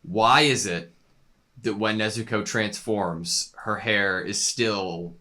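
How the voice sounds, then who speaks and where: A man's voice: fairly low pitch, slow pace, bright, forceful tone. A young man co-hosting an anime reaction show, speaking eagerly in a casual discussion and readily agreeing with his co-host.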